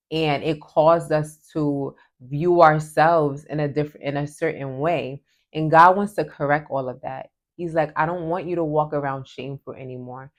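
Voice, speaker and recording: A woman giving a heartfelt devotional talk, earnest and emotional, often saying "like" as she goes. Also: low-pitched. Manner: earnest and emotional, many "like" fillers. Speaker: Christian devotional vlogger.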